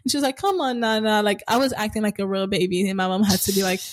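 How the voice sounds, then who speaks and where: A woman's voice: medium pitch, racing. A woman in her twenties chatting casually, telling stories and acting out the voices of people in them. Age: 20s. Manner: animated storyteller, acts out quotes. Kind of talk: casual chat.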